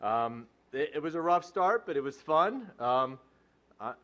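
A man's voice: fairly high pitch, animated, a little slow, pushed and bright, highs cut off. A man in his forties, a head track coach, giving a joking, self-deprecating and rambling hall of fame acceptance speech. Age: 40s.

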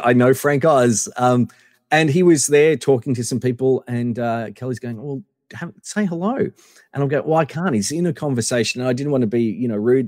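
A man's voice: medium pitch, a little mellow, no echo, studio quality, long reverb tail. A man telling a long casual story as a podcast guest, full of fillers and acted-out quotes.

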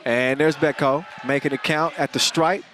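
Energetic male basketball commentator over crowd noise. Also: on the high side, moderate pace. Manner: energetic, joking, rising to shouts on big plays. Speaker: play-by-play commentator. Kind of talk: live sports commentary. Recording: crowd and music under the commentary. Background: arena crowd and music.

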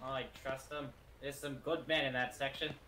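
A man's voice: medium pitch, level tone, moderate pace, bright, forceful tone. A young man teasing his sergeant and calling out orders in casual game voice chat. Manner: teasing, dry, gives orders.

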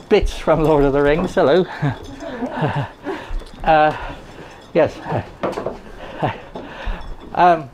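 An older man telling rambling, halting, deadpan absurd stories as a stand-up comedian on a live stage. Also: fairly high pitch, slight background noise. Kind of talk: stand-up storytelling.

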